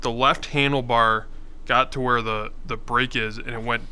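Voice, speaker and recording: A man's voice: mid-range voice, steady tone, normal speed, sharp tone, clean tone. A man chatting on a podcast, recounting events in a laid-back, matter-of-fact way. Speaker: podcast co-host. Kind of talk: casual chat.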